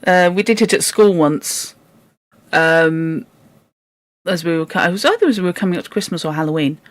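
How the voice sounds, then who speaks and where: A woman's voice: on the low side, expressive, moderate pace, no echo. A woman hosting a book club, reading a story aloud and chatting with a self-deprecating humor. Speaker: book club reader and host. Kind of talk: casual read-aloud with chat.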